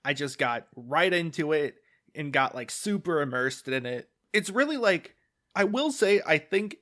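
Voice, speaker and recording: A man's voice: a little high, a bit bright. Enthusiastic male podcast co-host. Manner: enthusiastic, hedging with "like". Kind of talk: casual chat.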